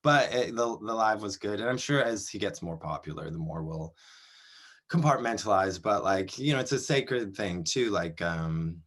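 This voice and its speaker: A man in his thirties from Canada, a performer talking in a casual interview, chatty and animated, laughing often between his words. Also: lowish voice. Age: 30s. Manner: chatty, animated, quick to laugh, many fillers.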